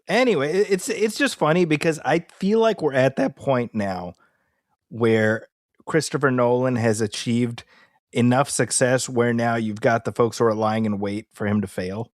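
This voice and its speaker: A man co-hosting a movie podcast in casual chat, animated and fond of quoting people in put-on voices. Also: mid-range voice, moderate pace, no room sound, clean studio sound. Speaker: podcast co-host.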